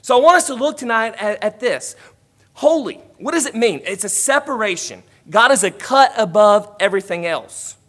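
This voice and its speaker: A high-pitched male preacher delivering a sermon. He builds to forceful, emphatic declarations, then falls back to quiet, conversational asides. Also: expressive, moderate pace.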